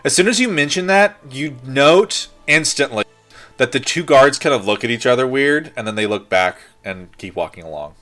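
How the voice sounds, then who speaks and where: A man narrating a tabletop game as game master, relaxed and rambling with many fillers. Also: mid-range voice, normal speed, faint music behind.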